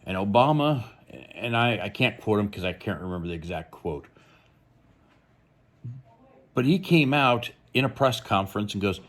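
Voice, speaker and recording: A man's voice: on the low side, lively intonation, moderate pace, pauses often. A man hosting a true crime channel, giving blunt, rambling, opinionated commentary.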